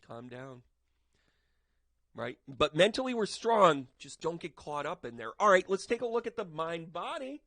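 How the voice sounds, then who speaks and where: Male medium, chatty tarot livestream host, slightly high voice, dry close sound, animated and jokey. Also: moderate pace, no echo. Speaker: psychic medium and tarot reader. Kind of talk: casual tarot reading livestream.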